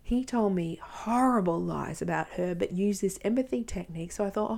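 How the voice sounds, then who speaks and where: A woman hosting a podcast, telling her own story in a frank, earnest monologue with quick asides. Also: on the low side, fairly even intonation, gravelly, a little mellow. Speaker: podcast host.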